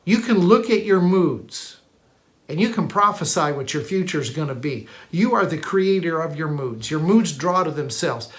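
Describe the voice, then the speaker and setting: Preacher, sermon teaching, middling pitch, emphatic repetition, frequent restarts, fast and slow in turn. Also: lively intonation.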